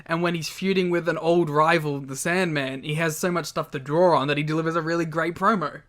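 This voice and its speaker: A man's voice: a little high, fairly even intonation, brisk, fairly bright tone. A man co-hosting a podcast, bantering casually in an easygoing, joking way. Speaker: podcast co-host.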